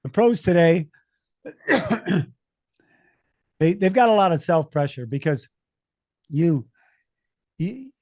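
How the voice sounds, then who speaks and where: An American man, a race announcer, telling lively anecdotes as a podcast guest, often restarting his sentences. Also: a little high, slow pace, pauses often, no room sound, clean studio sound. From United States. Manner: animated anecdotes with many restarts. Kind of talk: storytelling conversation.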